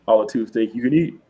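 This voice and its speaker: A man's voice: mid-range voice, husky, muffled recording. A man co-hosting a podcast in casual, laid-back chat, rambling and joking. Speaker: podcast co-host.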